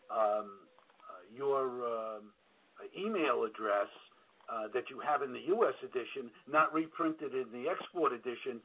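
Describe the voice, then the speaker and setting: A man's voice: mid-range voice, a little hiss or hum. A man with a New York accent, a royalty auditor giving frank, blunt advice to a caller on a call-in show, with lots of fillers and restarts. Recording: tinny phone-like radio audio.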